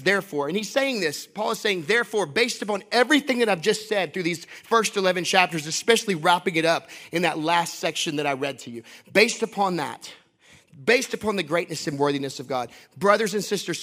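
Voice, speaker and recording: A man's voice: high-pitched, fairly bright tone. A man preaching a sermon to a congregation from a stage, passionate and emphatic, repeating phrases and at times half-singing his lines.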